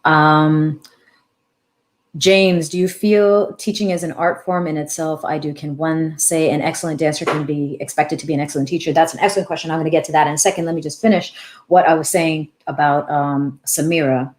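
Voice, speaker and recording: Animated woman hosting a live chat. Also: low voice, a little fast. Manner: warm, animated, thinks aloud with restarts. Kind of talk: casual live-stream Q&A, reading comments aloud.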